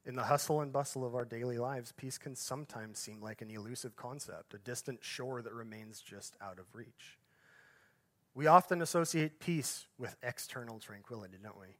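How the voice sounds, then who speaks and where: Preaching at a moderate pace in a mid-range voice, this pastor lets every phrase build before it fades into a quiet, hushed ending. Conversational asides and self-corrections pop up throughout.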